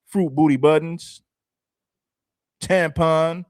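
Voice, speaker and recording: Male commentary host, emphatic and chatty, fairly high voice, dry close sound. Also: unhurried, dry recording. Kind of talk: reaction commentary.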